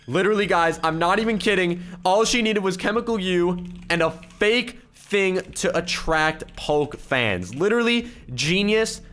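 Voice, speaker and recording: A man hosting a gaming channel, giving excitable, exclamatory commentary as he plays and reading other players' chat aloud in his own voice. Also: sits high, unhurried. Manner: excitable, exclamatory, keeps repeating "oh my goodness". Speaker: YouTuber gaming host. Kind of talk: let's-play gameplay commentary.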